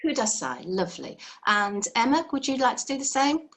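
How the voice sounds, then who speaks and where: A woman teaches a live beginner language lesson over a video call, explaining step by step in a patient, encouraging way. Her voice is on the high side, sing-song and fairly bright, at normal speed.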